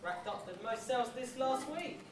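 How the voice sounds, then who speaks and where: A woman playing a teasing office boss, brisk and joking, on an amateur stage. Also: sits high, animated. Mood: amused. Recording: echoey hall miked from far, noisy.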